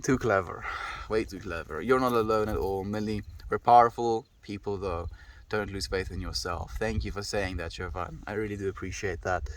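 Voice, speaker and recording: A man's voice: on the low side, normal speed. A man in his twenties with a South African accent, chatting casually with his stream chat in a laid-back, rambling way. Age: 20s. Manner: laid-back, rambling, says "dude" and "my friend". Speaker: livestreamer reading chat. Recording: distant mic with faint background noise.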